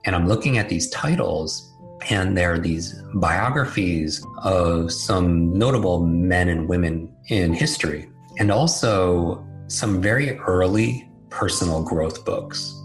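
A man's voice: low-pitched, low-quality recording. A man telling a personal story in a candid, self-deprecating, conversational way. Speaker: speaker telling his life story. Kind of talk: storytelling talk.

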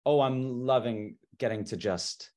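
A man's voice: medium pitch, measured pace. A young man, an actor, chatting as a podcast guest and telling stories with lots of restarts. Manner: animated storyteller, stammers and restarts. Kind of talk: casual interview chat.

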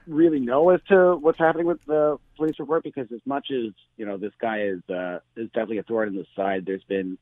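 A bar owner talking casually on the phone, full of fillers and restarts. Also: male voice, medium pitch, steady tone, fast talker, few pauses, no room sound. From Canada. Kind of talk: phone interview. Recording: tinny phone line.

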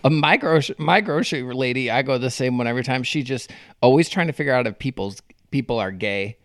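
A man's voice: medium pitch, lively intonation, fast talker, dry recording. A man co-hosting a comedy podcast, teasing his partner with dry quips in casual chat. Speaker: podcast co-host.

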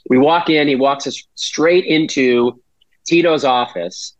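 A man's voice: mid-range voice, slow pace, no echo. A man from Massachusetts, a podcast guest telling a rambling story and swearing freely. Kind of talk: casual storytelling. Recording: dull dry lo-fi audio.

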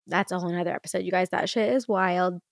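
A woman's voice: lowish voice, fairly even intonation, fast, creaky, dry recording. Woman in her thirties, solo podcast host, emotional and rambling, casual swearing, dry close sound. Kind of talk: candid solo podcast talk.

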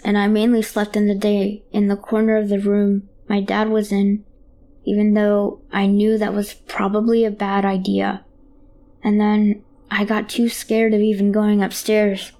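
A woman narrating a first-person horror story in a halting, hushed, childlike way. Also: mid-range voice.

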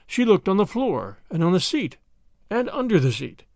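Male storybook narrator, high-pitched and very lively, dry booth sound. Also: normal speed, dry recording. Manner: expressive, animated reading.

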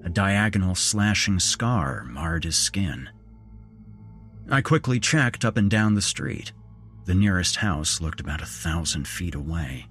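A man narrating a horror story in a measured, grim way. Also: sits low, expressive, a bit bright, faint music behind.

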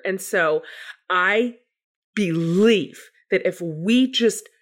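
A woman guest telling a personal story candidly and with self-deprecating humor, acting out her own past words. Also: fairly low pitch. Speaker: guest author.

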